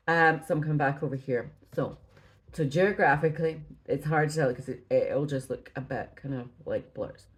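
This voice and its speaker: A woman's voice: sits low, brisk, low-quality recording. A Scottish woman at home, chatting casually about her stitching projects, rambling and often apologizing, a little out of breath. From Scotland. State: slightly out of breath. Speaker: cross-stitch vlogger. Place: at home indoors.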